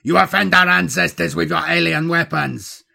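A man's voice: on the high side, moderate pace, creaky, bright, forceful tone, voice pushed up, exaggerated voice. A man doing a crazed shrieking warlord. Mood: raging. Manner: wailing, shrieking threats. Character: savage toothless male warlord, crazed and shrieking.

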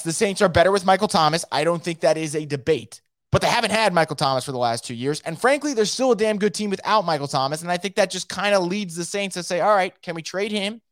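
A man's voice: a little high, a bit bright, no room sound, studio quality. A man hosting a solo sports podcast, talking in an opinionated, emphatic, rambling way. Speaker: podcast host.

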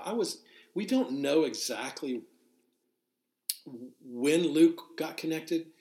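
Broadcasting live to listeners, a man teaches verse by verse from the Bible as a pastor, unscripted and conversational, with fillers, frequent restarts, and Greek words spelled out. His voice is mid-range and a little mellow, the sound roomy.

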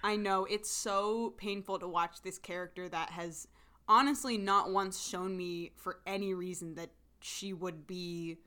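A woman co-hosting a casual show recap podcast, animated and rambling, laughing often and full of fillers. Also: lowish voice, measured pace. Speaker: podcast co-host.

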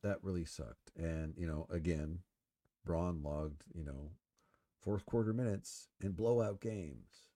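A man hosting a solo podcast, talking casually and rambling with many fillers and swearing while he smokes. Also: rumbling low. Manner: relaxed, smoking while talking. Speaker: podcast host. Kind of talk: casual solo sports talk.

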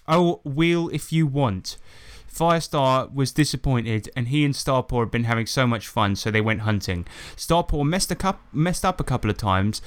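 A man's voice: medium pitch, fairly bright tone, smooth. A man co-hosting a podcast, reading bad fan fiction aloud with sarcastic, exasperated asides and swearing. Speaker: podcast co-host.

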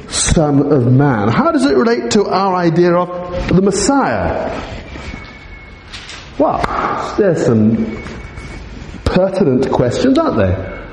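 A man's voice: high voice, huge pitch swings, slow, pauses often, a little mellow. A man preaching a sermon to his congregation, emphatic and teacherly, full of rhetorical questions. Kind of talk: expository sermon. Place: church meeting hall. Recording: echoey hall, long reverb.

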